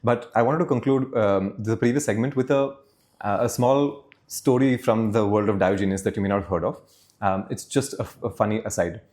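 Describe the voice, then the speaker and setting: A man's voice: on the low side, moderate pace, a little mellow. A man hosting a podcast, asking long questions that think aloud, with fillers and side remarks. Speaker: podcast host. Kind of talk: conversational podcast interview.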